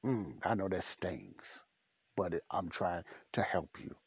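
A man's voice: deep voice, lively intonation, slow pace, husky, no echo. A man preaching a podcast sermon, blunt and repetitive, speaking straight to the listener. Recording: dull, dry lo-fi recording.

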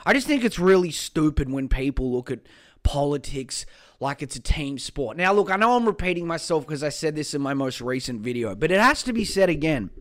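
A young Australian man hosting a casual solo podcast, swearing a lot and sarcastic, swinging between loud mock-excitement and low mutters. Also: normal speed. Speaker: podcast host.

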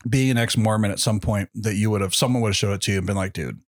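A man's voice: lowish voice, rapid-fire, dry recording, studio quality. A man co-hosting a podcast, telling a movie story with heavy swearing and acted-out quotes. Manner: animated storyteller, swears a lot, acts out quotes. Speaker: podcast co-host. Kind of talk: casual chat, retelling a movie.

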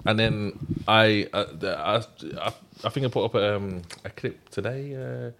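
A man hosting a podcast in an easygoing, halting, casual way. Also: on the low side, gravelly, a bit bright. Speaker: podcast host. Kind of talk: casual chat.

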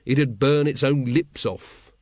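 A man voicing a weary, cynical city watch captain who talks gruffly and impatiently, reading a storybook. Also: medium pitch, slow pace, darkish tone, no echo, studio quality. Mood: scornful.

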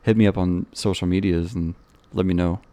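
A man's voice: low voice, fairly even intonation, moderate pace, warm tone. A man hosting a casual podcast, joking and teasing, swearing freely. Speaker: podcast host.

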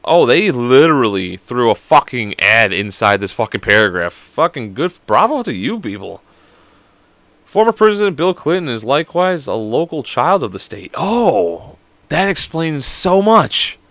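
A man's voice: mid-range voice, big pitch swings, moderate pace, fairly bright tone, dry recording. A young man in his twenties hosting a solo podcast, rambling and joking with constant swearing. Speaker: podcast host. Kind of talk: casual solo podcast chat.

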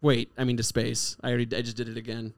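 A man's voice: mid-range voice, monotone, fast talker, creaky, clear, resonant tone. A man hosting a podcast in casual chat, teasing his guests and laughing often. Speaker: podcast host.

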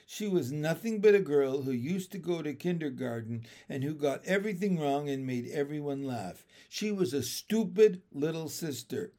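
Male storybook reader, slightly high voice, expressive and lively. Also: moderate pace, hardly any pauses. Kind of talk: reading a children's book aloud.

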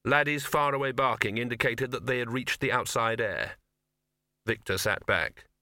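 A man narrating a comic fantasy novel as an audiobook reader, in a dry, measured way. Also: mid-range voice, sharp tone, dry recording. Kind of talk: scripted narration.

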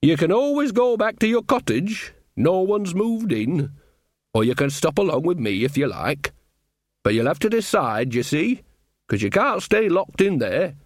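A man's voice: a little high, very animated, a little slow, no echo, clean studio sound, pitched above the performer's own voice. A man voicing a cheerful, earthy old witch woman who coaxes and gossips in a broad, chatty way. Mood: coaxing.

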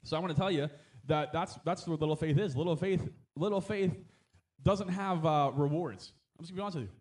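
A man's voice: on the high side, fairly quick, darkish tone. A man preaching a sermon as a pastor, talking in a conversational way with frequent amens and asides, and rising to emphatic exhortation.

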